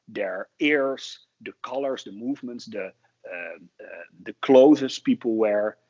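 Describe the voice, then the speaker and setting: Husky, lively male speaking coach. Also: mid-range voice. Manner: animated, demonstrates fast talk with pauses. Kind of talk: interview answers, explanatory. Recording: dull lo-fi audio.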